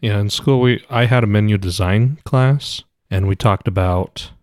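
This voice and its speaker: Man, chef, podcast guest, eager, lower voice, dry sound. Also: normal speed, darkish tone, no room sound. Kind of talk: casual chat.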